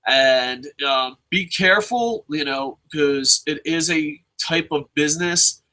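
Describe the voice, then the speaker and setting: Blunt, profane man with a bright voice. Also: on the high side, slow pace, rough recording. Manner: blunt, profane, rambling with restarts. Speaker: vlogger answering viewer questions. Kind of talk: casual advice monologue.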